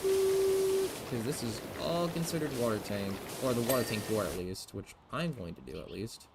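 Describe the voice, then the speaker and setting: A young man streaming a game, muttering to himself, swearing casually and jumping into squeaky outbursts. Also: normal speed. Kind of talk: casual gameplay commentary. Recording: steady background hiss.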